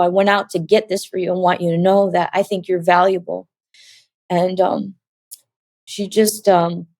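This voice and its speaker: A middle-aged woman telling her personal testimony in a soft, halting, reflective way, with many pauses and fillers. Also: medium pitch, no echo. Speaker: interview guest sharing her testimony.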